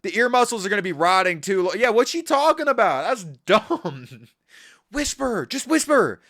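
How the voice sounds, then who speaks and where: A man's voice: high-pitched, sing-song, moderate pace, fairly bright tone. A man live-streaming, reacting in a casual, profane, incredulous and mocking way. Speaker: livestreamer.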